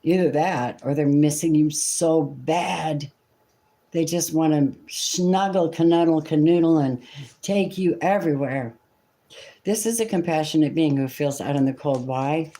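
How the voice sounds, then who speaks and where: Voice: medium pitch, normal speed, mellow. A tarot reader giving a live reading, talking casually and emotionally, with the odd swear word.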